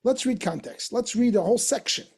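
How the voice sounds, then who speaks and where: A man's voice: very high-pitched, brisk, darkish tone, slightly rough. A man teaching a Torah lesson as a rabbi, explaining a passage with questions and repeated points for emphasis. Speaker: rabbi teaching a text class.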